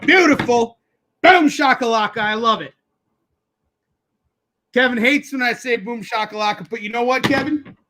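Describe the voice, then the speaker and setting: A man co-hosting a live comic shop sales show, pitching deals in an excitable, loud way and shouting catchphrases. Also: moderate pace, pauses often, echoey room, a little hiss or hum, low-quality recording.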